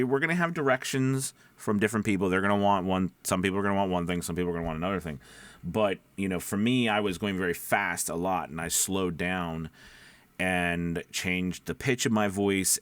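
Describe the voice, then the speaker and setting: Low-voiced man giving rambling advice. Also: a little fast, a bit bright, no echo. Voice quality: speaks low from the back of the throat. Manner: rambling, drifts off topic and back. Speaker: voice-over actor. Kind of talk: casual advice talk to camera. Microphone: studio microphone.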